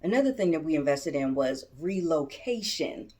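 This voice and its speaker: Speaking to camera, this Maryland woman from the DC suburbs, a middle-aged vlogger and business coach, chats with her viewers, laughs a lot, and drops folksy asides. Her low-pitched voice is expressive and a little mellow, at a moderate pace.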